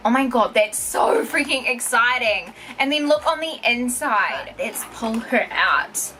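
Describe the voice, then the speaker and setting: A young woman, unboxing products in an excited, giggly vlog, exclaiming over each item. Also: a little high, unhurried, slight background noise. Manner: gushing, giggly, keeps exclaiming.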